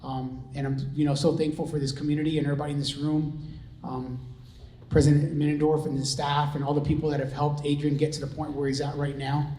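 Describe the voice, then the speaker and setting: A man's voice: fairly high pitch, little pitch movement, brisk, mellow. Earnest middle-aged man in an echoey room. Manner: earnest, conversational, with many fillers and restarts. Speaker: father giving a testimony. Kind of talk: personal testimony talk. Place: large room with an audience.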